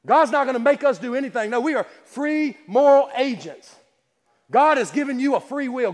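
A male preacher delivering a sermon at a church service, emphatic and repetitive, firing rhetorical questions and stumbling over quick restarts. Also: extremely high pitch, big-room sound. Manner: stammering restarts.

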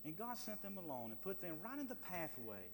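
A male pastor preaching a sermon in a church, emphatic and repetitive, swinging from loud urging to soft pleading. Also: high voice, very animated, fairly quick, long reverb tail, slight background noise. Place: church sanctuary.

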